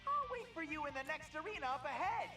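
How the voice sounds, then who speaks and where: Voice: medium pitch, lively intonation, measured pace, far from the mic, close to an everyday voice. An actor voicing a bear costume mascot who hosts a fighting tournament, switching between stiff mechanical announcements and bouncy, showy taunts. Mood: gleeful, showy. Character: bear costume mascot turned game host, flips between cold and hyper. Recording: echoey game audio over loud music.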